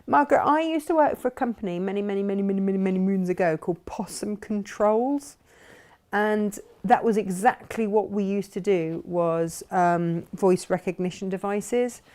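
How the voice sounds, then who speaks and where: A woman's voice: mid-range voice, moderate pace, darkish tone. A woman co-hosting a live crafting show, reading out viewer comments and chatting cheerfully. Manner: cheerful, reads comments aloud, laughs easily. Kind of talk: casual chat.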